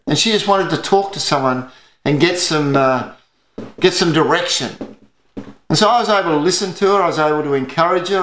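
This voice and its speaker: A man's voice: on the high side, a bit bright, reverberant. An Australian man preaching an earnest sermon as pastor, telling stories to his church.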